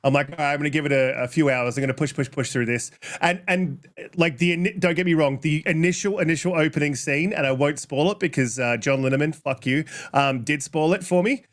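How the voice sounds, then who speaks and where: A man with a fairly high voice hosts a gaming podcast. He rambles casually, with many fillers and the odd swear word. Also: a little fast, hardly any pauses. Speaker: podcast host reading chat. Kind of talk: casual chat.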